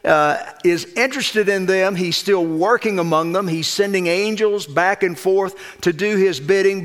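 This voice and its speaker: Male pastor, sermon, emphatic, fairly high pitch, loud stresses and soft asides.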